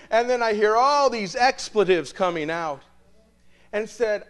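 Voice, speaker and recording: Give me a priest telling students a story, animated and expressive, with a lively, somewhat high voice. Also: male voice, measured pace. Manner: animated, acts out dialogue.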